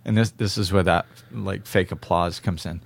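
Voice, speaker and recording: A man from northern Massachusetts with a softened New England accent, hosting a casual podcast, relaxed and reflective and quick to laugh. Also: sits low, creaky, a little hiss or hum. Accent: New England, mostly softened. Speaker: podcast host.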